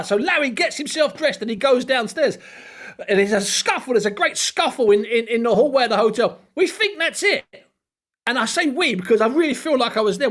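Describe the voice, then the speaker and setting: A man, co-hosting a casual chat and telling stories with animated laughter. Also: very high-pitched. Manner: animated storyteller, laughs often. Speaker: podcast co-host.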